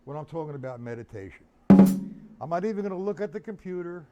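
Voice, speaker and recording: A man's voice: fairly high pitch, animated, a little fast, dull audio, over loud music. A man teaching drums on a live stream, chatting loosely and answering viewers by name. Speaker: drum teacher. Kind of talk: live-streamed drum lesson.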